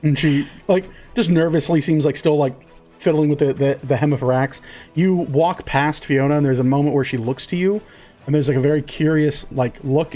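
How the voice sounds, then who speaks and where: A man's voice: mid-range voice, warm tone. A man narrating a tabletop game as game master, rambling with many fillers.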